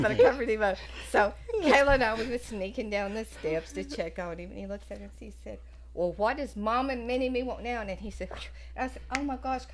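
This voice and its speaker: A woman's voice: a little high, normal speed, crowd noise. A woman telling family stories as a podcast guest, laughing often and acting out the voices in her tales. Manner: animated, laughs often, acts out quotes. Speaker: podcast guest, mother of the hosts. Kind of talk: casual family storytelling.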